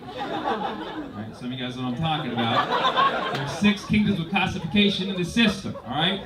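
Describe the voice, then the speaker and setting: A man performing a stand-up comedy set on a club stage into a handheld mic, deadpan with sudden loud punchlines. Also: on the high side, moderate pace, over loud music. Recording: noisy live club recording with crowd laughter.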